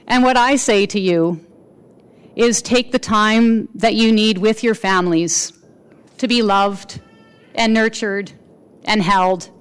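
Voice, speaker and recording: A woman giving a formal public address as a mayor, speaking in an earnest, measured way with pauses between phrases. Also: mid-range voice, clear, resonant tone.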